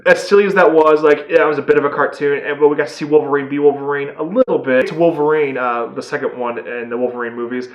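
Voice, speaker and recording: A man giving a casual, excitable movie review, rambling with lots of fillers. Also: on the high side, quick pace, few pauses, roomy sound, muffled recording.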